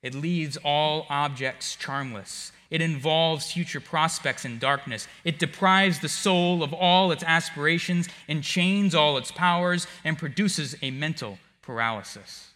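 A male preacher delivering a sermon, swinging from hushed tones to shouting. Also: on the high side, a little slow, hardly any pauses. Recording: long hall reverb.

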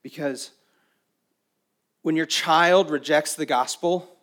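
A pastor delivering a sermon to his congregation, his voice sitting a little higher than most men's. He builds to emphatic, raised lines, then drops to quiet, intimate stretches. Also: animated, takes it slowly, long pauses.

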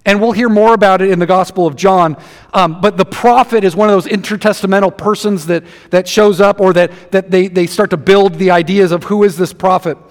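High-voiced man preaching in a reverberant hall. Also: brisk. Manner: conversational, animated, acts out scripture quotes. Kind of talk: sermon.

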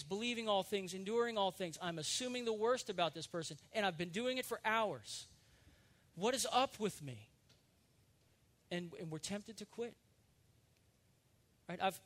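A man with a fairly high voice delivers a sermon to his congregation. He speaks earnestly and confessionally, repeating words as he gathers his thoughts, then presses into fervent, ringing emphasis. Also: fairly bright tone. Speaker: pastor.

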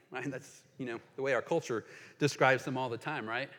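A man preaching a sermon as pastor, earnest and emphatic, reading quotations aloud and pausing to explain them. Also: mid-range voice, a bit bright. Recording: long hall reverb.

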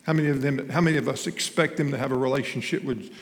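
An older man, a pastor, leads an interactive discussion with his congregation in a loud, lively way. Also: mid-range voice, fast. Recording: hall reverb with faint room ambience.

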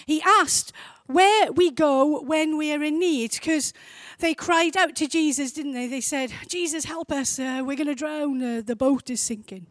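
A woman's voice: high-pitched, unhurried, few pauses, dry recording. A woman leading a church gathering, talking to the congregation in a friendly, conversational way and asking them questions. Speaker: church leader. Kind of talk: casual sermon to a congregation.

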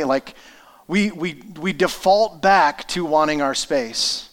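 A man's voice: a little high, a little slow. A man in his thirties preaching a sermon, telling a personal family story in an earnest, conversational way. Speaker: pastor.

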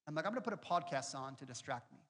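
A man's voice: on the high side, expressive, very fast, fairly bright tone, husky. A male pastor preaching a sermon in a conversational, storytelling way with self-deprecating humor. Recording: long reverb with faint music behind.

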